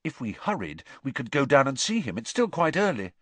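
A man reading aloud voicing an eager teenage schoolboy who speaks quickly. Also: medium pitch, very animated, a bit bright, no room sound, pitched above the performer's own voice.

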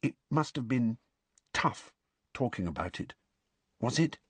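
A man voicing a pale, shy teenage boy who speaks low and earnestly. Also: takes it slowly, breathy edge, no room sound.

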